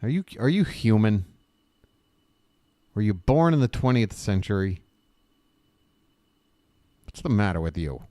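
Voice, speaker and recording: A man's voice: on the low side, very animated, a little slow, pauses often, dark tone, no echo. A man hosting a live stream, riffing with sarcastic jokes in a rambling, self-interrupting way. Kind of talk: casual live-stream commentary.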